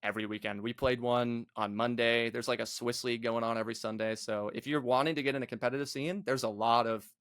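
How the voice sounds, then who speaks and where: A man's voice: medium pitch, steady tone, fast, hardly any pauses, fairly bright tone, no echo, clean studio sound. A young man, a guest on a gaming podcast, talking bluntly and casually with lots of filler words. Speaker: guest, competitive gamer.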